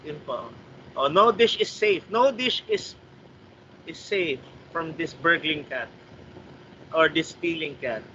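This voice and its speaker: A man's voice: fairly high pitch, lively intonation, pushed and bright. A man with a Filipino accent, a writing workshop trainer giving polite feedback over a video call, switching between English and Tagalog. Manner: polite, mixes English and Tagalog, reads sentences aloud slowly. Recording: slightly muffled call audio with faint noise.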